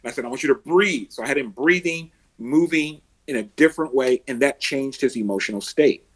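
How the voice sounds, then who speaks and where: Male podcast guest, life coach type, husky voice, mid-range pitch, lively storytelling that acts out the quotes. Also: brisk. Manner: animated storyteller, acts out quotes and heroic laughs. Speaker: emotional success coach.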